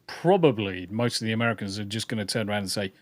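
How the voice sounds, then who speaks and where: Casually co-hosting a podcast, a man from the English Midlands reads comments and goes off on rambling jokes, repeating words as he goes. His accent is mixed English, partly southern, his voice fairly low in pitch, and he talks fast with no echo.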